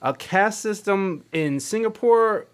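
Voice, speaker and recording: A man's voice: high-pitched, animated, slow pace, clear, resonant tone. A man hosting a casual interview, talking bluntly with swearing and loose, rambling questions. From Mexico, half Mexican heritage. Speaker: podcast host.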